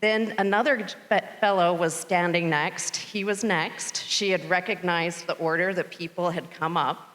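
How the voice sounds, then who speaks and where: A woman's voice: on the low side, a little slow. A middle-aged woman giving a conference welcome speech, telling a story and acting out the quoted lines. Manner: storytelling, animated when quoting the robot. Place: conference hall stage. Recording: long reverb of large hall.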